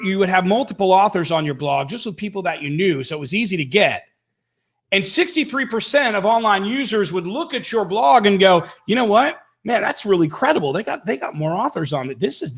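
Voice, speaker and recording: With a husky voice, a man runs a live webinar on online marketing, delivering it with energy and emphasis while shifting pitch and speed for effect. The recording sounds dull.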